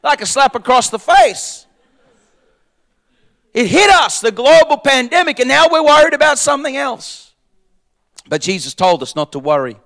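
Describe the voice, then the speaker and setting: A male pastor, preaching a sermon with emphatic, repeated lines that move between raised, shouted points and quieter asides. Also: very high voice, sing-song, normal speed, pauses often. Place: church.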